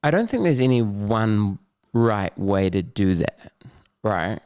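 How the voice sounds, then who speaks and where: A man's voice: fairly low pitch, very animated, takes it slowly, a little mellow, clean tone, dry recording, clean studio sound. A middle-aged man with a New Zealand accent, talking candidly and loosely as a podcast guest, with slang and laughs. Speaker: podcast guest, Muay Thai champion. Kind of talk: candid casual conversation.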